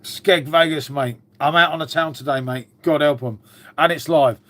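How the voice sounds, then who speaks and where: Over a noisy background, a man with a fairly high voice speaks at normal speed on his casual livestream. He chats with viewers and swears freely as he talks to his dog.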